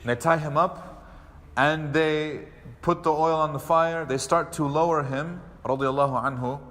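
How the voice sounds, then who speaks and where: A man delivers a mosque lecture as a storyteller, his voice sitting a little high for a man. He acts out the characters' lines with animated delivery. The hall around him carries a long, lingering reverb. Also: moderate pace. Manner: animated storyteller acting out quoted speech. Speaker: imam.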